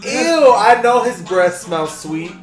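A man co-hosts a podcast, throwing out crude, mocking jokes and slipping into loud playful bits. His voice sits a little high and swings widely in pitch. The room is echoey, with music running underneath. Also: animated, moderate pace. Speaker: podcast co-host. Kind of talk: casual comedic banter reacting to videos.

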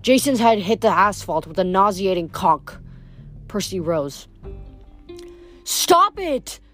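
A woman reading a novel aloud in an unhurried way, with small slips and restarts. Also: lowish voice, soft background music. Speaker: reader.

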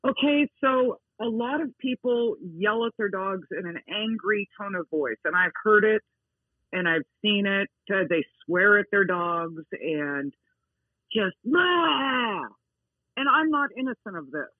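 A woman who is not soft-spoken, talking emphatically in a casual interview and repeating her key words. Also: medium pitch, lively intonation, unhurried, dry recording. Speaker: dog owner interviewed as a guest. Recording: tinny phone line.

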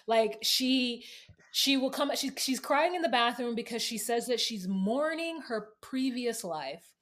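A woman hosting a podcast, recapping a show in an animated, laughing casual chat. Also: on the high side, a little slow. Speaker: podcast host.

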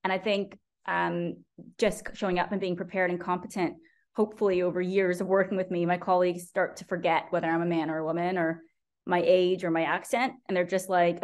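An American woman, a professor talking as a guest in an interview, lively and quick to act out what other people say. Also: lowish voice. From United States. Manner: animated, quotes critics in mocking voices. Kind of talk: conversational interview.

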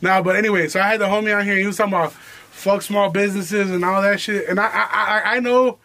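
A young man with a fairly high voice hosts a podcast. He tells a story in casual, profane slang and breaks into laughs. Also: steady tone, quick pace, bright, forceful tone. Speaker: podcast host.

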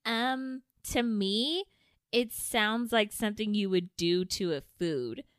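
A woman's voice: medium pitch, takes it slowly, clear, resonant tone, dry recording, clean studio sound. A woman co-hosting a podcast, chatting casually with her sisters and confidently making up playful definitions for words. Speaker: podcast co-host. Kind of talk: casual chat among sisters.

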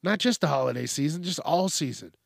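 A man's voice: fairly high pitch, animated, a little fast, vocal fry, no room sound, clean studio sound. A man hosting a news commentary show, ranting in a profane, mocking way about news stories. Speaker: host.

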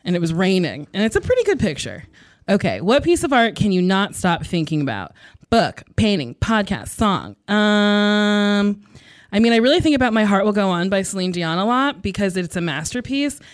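A woman comedian answering rapid-fire questions, frank and animated, with playful asides. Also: medium pitch, no room sound, studio quality. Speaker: stand-up comedian.

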